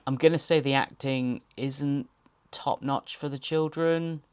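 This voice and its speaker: A man's voice: mid-range voice, steady tone, unhurried, smooth, dry recording. Male host, wry and jokey, rambling horror episode commentary.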